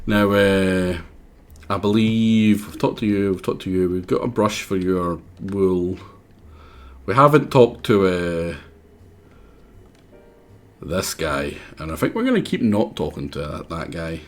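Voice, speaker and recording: A man rambles through casual gameplay commentary on a livestream, mocking himself as he goes. His voice sounds sore and worn, yet his pitch still rises and falls in a lively way. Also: unhurried, long pauses.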